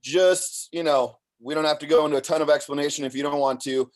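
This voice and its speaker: Halting, relaxed interview host man. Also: fairly high pitch. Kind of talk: casual interview.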